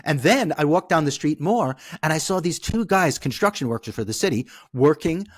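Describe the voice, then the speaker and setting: A man who is a podcast guest, telling a personal story in a lively way. He often checks in with the listener by asking "okay?". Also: a little high, normal speed, no room sound, clean studio sound.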